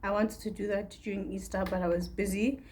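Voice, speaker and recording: A woman's voice: medium pitch, flat delivery, a little fast, darkish tone, slight background noise. A young woman from Africa, talking through a candid, rambling personal video diary. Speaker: vlogger.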